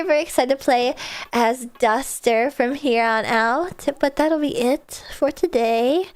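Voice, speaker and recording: A woman streaming a video game, chatting excitedly and casually, swearing now and then. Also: high voice. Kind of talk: casual gameplay livestream chat. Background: faint game music.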